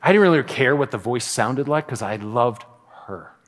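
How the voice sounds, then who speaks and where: A middle-aged man preaching a sermon as pastor, telling stories and acting out little asides in an animated way. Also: mid-range voice, moderate pace. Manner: animated storytelling with acted-out asides. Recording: long reverb of a large hall.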